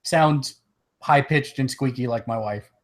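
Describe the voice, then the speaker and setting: A man's voice: mid-range voice, unhurried. A man co-hosting a gaming podcast, chatting casually and loosely, with hiccups and easy laughs. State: has the hiccups. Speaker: podcast co-host. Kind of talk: casual chat.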